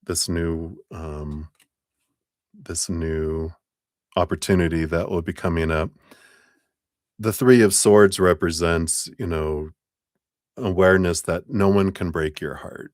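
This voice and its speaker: Deep-voiced man giving a tarot reading. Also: slow, pauses often, dry recording, studio quality. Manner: rambling, self-interrupting, chuckling. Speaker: tarot reader.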